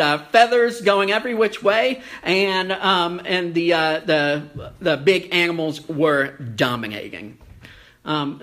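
A preacher giving a sermon, telling a folksy story with lots of ums and uhs and slowing down for emphasis. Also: medium pitch, pushed and bright. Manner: folksy storytelling with many fillers; slows down for emphasis.

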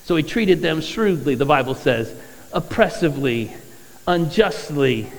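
A man's voice: a little high, animated, a little slow, creaky. A man preaching a sermon as pastor, talking conversationally and reading scripture aloud in a church. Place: church sanctuary. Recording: long hall reverb.

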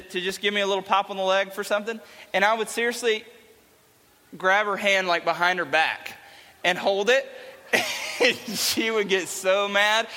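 A man's voice: high-pitched, sharp tone. A young man giving a playful, chatty youth talk to a live audience in a large hall. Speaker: youth speaker.

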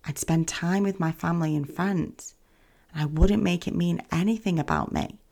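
Low gravelly-voiced woman, gentle coaching tone. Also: normal speed. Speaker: podcast host. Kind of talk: calm self-help podcast talk.

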